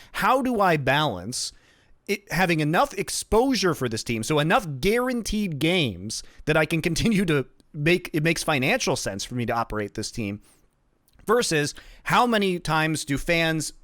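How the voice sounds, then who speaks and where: A man with a slightly higher voice hosts an esports talk show, arguing his points emphatically and swearing freely. The sound is dry and close, with no room around him. He winds up into long, forceful explanations. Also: dry recording. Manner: emphatic, profane, launches into rants. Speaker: podcast host. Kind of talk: esports discussion.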